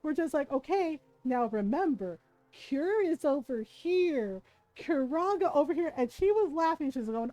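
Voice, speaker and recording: A middle-aged woman streaming and telling a story in a casual chat, chatty and laughing often, keeping her listeners in with a steady "right?". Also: sits high, measured pace, no room sound, faint music behind, poor audio. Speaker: livestreamer.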